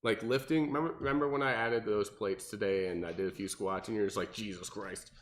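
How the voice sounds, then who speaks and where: A young man, a personal trainer, explaining workouts in casual podcast chat and acting out clients in mocking voices. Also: quick pace. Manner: animated, acts out clients with high mocking voices.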